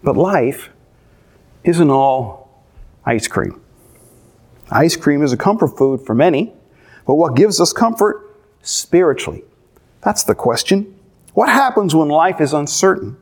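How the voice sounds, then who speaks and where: A middle-aged man, a pastor, preaching a sermon with animated storytelling and playful asides. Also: a little high, unhurried.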